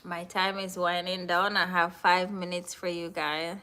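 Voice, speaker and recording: A woman's voice: on the low side, level tone, measured pace, pushed and bright. A Jamaican woman hosting a live stream, chatting casually and answering viewers in the chat. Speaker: livestream host.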